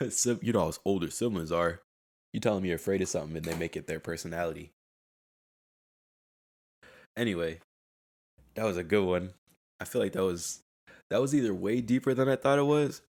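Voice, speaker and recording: A man's voice: fairly low pitch, a little mellow. A young man hosting a casual solo podcast, rambling in a laid-back way and laughing at himself. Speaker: podcast host. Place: at home.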